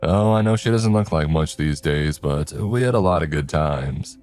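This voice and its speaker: A man's voice: rumbling low, animated, normal speed, darkish tone, a little hiss or hum. A man voicing a folksy older male client who talks in easygoing country phrases.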